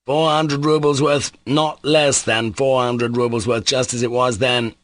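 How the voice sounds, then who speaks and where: A man reading an audiobook, voicing an excitable, reckless young nobleman who talks in a feverish, rambling way. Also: medium pitch, moderate pace, no echo, natural voice. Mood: insistent.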